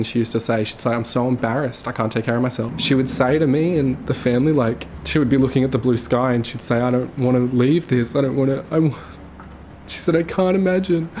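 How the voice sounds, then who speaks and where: A young man telling his late mother's story to camera, tearful and halting, with his voice breaking. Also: mid-range voice, a little mellow, a little hiss or hum. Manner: halting, full of fillers and restarts.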